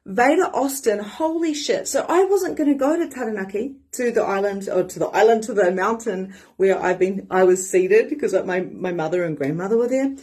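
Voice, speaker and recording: Kiwi lady life coach live streaming, husky voice, super animated, swears a bit. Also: mid-range voice, normal speed, few pauses. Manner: animated and excitable, swears casually. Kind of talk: live-streamed motivational talk.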